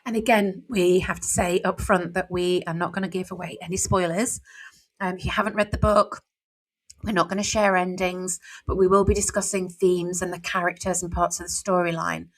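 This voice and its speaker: A woman's voice: fairly low pitch, flat delivery, moderate pace. A middle-aged woman, an author talking openly and thoughtfully on her podcast, often saying "you know". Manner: open, reflective, leans on "you know". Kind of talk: casual podcast chat.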